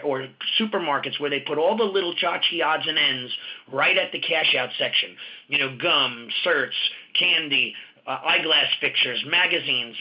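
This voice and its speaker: Animated man in a lo-fi interview. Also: on the high side. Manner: animated storyteller, acts out quoted dialogue. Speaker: martial arts school owner and business coach. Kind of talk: audio interview, conversational.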